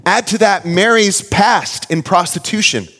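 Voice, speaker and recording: A man in his thirties preaching a sermon, earnest and storytelling, sometimes playfully animated. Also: sits high, measured pace, big-room sound. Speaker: pastor.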